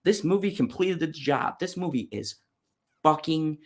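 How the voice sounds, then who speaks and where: A man with a rather high voice and animated intonation speaks a bit slowly as he hosts a casual livestream. He reviews horror movies with blunt, profane rants and talks directly with the viewers in his live chat.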